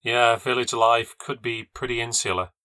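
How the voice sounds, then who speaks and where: A man's voice: mid-range voice, steady tone, sharp tone, dry recording. Wry man reading a ghost story. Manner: wry, measured, reflective. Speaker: podcast narrator. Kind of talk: scripted first-person ghost story narration.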